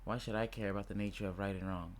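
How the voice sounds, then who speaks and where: A man voicing a weary adult male accountant who narrates in a low, flat tone. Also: quick pace, slight background noise, close to an everyday voice.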